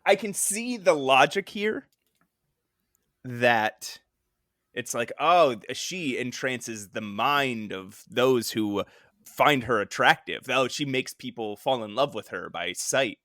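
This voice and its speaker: A man co-hosting a podcast in casual chat, animated and laughing often, acting out quotes in a high voice. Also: takes it slowly, no room sound, studio quality. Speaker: podcast co-host.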